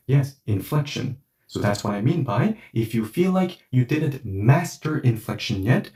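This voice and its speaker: A man teaching a language class, talking through hypothetical situations with a very animated, swinging delivery. He sounds set back from the microphone, and the room around him adds a noticeable echo. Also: medium pitch, distant mic. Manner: explains through hypothetical scenarios, conversational and animated. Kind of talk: online language lesson.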